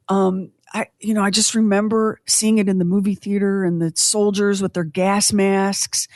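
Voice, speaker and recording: A woman's voice: mid-range voice, darkish tone, no echo, clean studio sound. A woman in her fifties hosting a podcast, chatting casually with tangents and self-deprecating humor. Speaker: podcast host.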